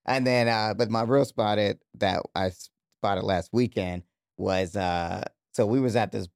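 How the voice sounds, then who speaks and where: A man's voice: on the low side, a little slow, creaky, smooth, no echo, clean studio sound. A man co-hosting a podcast in casual chat, with loose slangy talk and frequent laughs. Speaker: podcast co-host.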